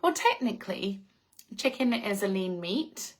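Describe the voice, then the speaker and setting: Cheerful English woman hosting a live chat, gushing and warm with her viewers. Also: mid-range voice, unhurried. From England. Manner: effusive, gushing, laughs often. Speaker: live-stream host reading viewer comments.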